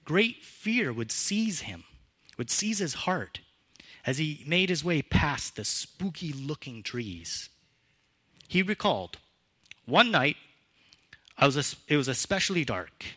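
Lively, bright-voiced male preacher. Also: a little slow. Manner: expressive, varies pitch and loudness for emphasis. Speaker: pastor. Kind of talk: sermon.

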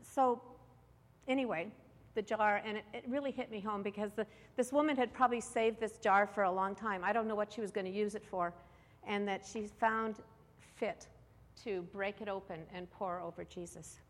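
A woman's voice: mid-range voice, steady tone, moderate pace. A woman tells her own story to a gathering in a frank, self-mocking way, stopping for fillers and little asides. Her voice sits in the middle of the range and rings out with a long hall reverb. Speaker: speaker giving a testimony talk. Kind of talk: personal testimony talk.

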